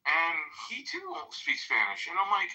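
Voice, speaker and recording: A man's voice: high-pitched, huge pitch swings, normal speed, bright, forceful tone, rough recording. A man from the United States telling a rambling, profane story in casual podcast chat, full of fillers.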